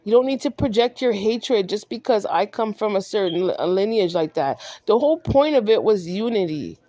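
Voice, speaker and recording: A woman's voice: mid-range voice, lively intonation, normal speed, mellow, no room sound. A woman vlogger delivering a heated monologue, scolding someone directly and repeating herself for emphasis.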